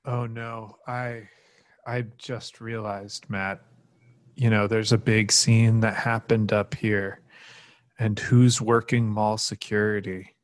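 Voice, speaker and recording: A man's voice: on the low side, level tone, slow, no echo. A young man running a tabletop role-playing game as game master, narrating with playful relish.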